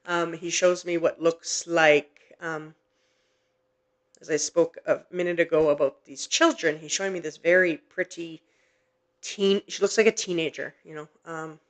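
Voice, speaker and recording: A gentle, earnest woman hosting a live psychic reading. She reassures her listeners softly and hesitates often with ums and restarts. Her voice carries quiet emotion. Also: low-pitched, fairly even intonation, unhurried. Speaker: psychic medium host. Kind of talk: live-streamed spirit reading.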